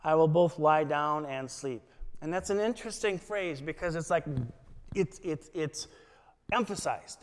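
A man preaching a sermon as a pastor, quoting scripture in a slow, deliberate way. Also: high voice, big-room sound.

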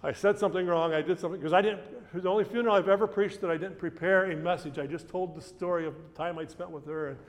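Pastor telling a story in a reverberant church. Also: male voice, high-pitched, fairly even intonation, fast talker, hardly any pauses. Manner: conversational storytelling, often restarts phrases. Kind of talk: sermon with a personal story.

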